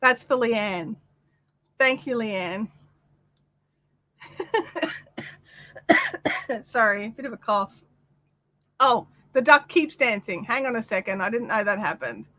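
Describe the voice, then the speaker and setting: A woman's voice: mid-range voice, expressive, takes it slowly, pauses often, pushed and bright. A woman hosting a craft livestream, chatting casually with viewers and reading their comments with lots of fillers and asides.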